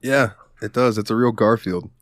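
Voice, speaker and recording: Young male podcast host, low pitch, candid and heartfelt, dead-dry mic. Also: normal speed, no echo. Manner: candid, emotional, swears casually. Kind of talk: casual podcast chat.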